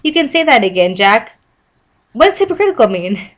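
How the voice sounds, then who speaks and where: A woman voicing a cheerful, naive male sea sponge in a high, eager, sing-song way while reading fan fiction aloud. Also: big pitch swings, a little fast. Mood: chirpy.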